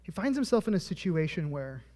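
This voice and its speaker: Male preacher, high pitch, storytelling sermon that acts out characters' lines, reverberant church hall. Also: big pitch swings, fairly quick, darkish tone. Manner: storytelling, acting out voices of biblical figures. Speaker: pastor. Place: church auditorium.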